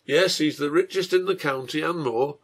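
A man's voice: on the high side, normal speed, a bit bright, slightly rough. Man reading as Simon Slade, plain innkeeper. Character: middle-aged male village innkeeper, contented.

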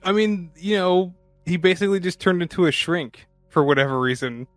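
A man's voice: sits high, animated, normal speed, fairly bright tone, dry recording, faint music behind. Laid-back man making joking asides. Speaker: podcast co-host. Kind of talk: casual movie chat over beer.

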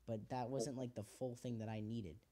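A man's voice: medium pitch, steady tone, normal speed, dark tone. A teenage man hosting a podcast, talking in casual, heartfelt rambles full of fillers and swearing. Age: teens. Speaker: podcast host. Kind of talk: casual chat.

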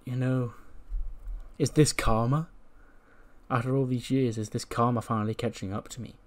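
A man's voice: medium pitch, fairly even intonation, moderate pace, natural voice. A man voicing a worn-out, grumpy male wrestler who whines about his stolen food. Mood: self-pitying.

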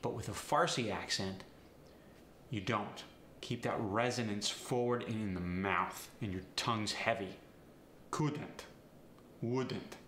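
A man coaching an accent lesson in an emphatic, encouraging tone, over-articulating every sound. His voice is bright and forceful at an unhurried pace. The recording is roomy, with a faint hum of background noise. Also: fairly low pitch.

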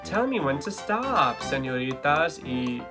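A man's voice: fairly high pitch, big pitch swings, unhurried, over music. A man putting on a raised, sing-song voice as a cheerful cartoon explorer girl.

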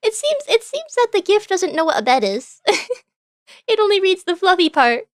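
A woman's voice: very high-pitched, big pitch swings, moderate pace, no room sound, studio quality. A woman streaming a video game, chatting and reading in-game dialogue aloud in a bubbly, playful way. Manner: bubbly, reads in-game characters in playful voices. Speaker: VTuber streamer. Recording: faint game music behind.

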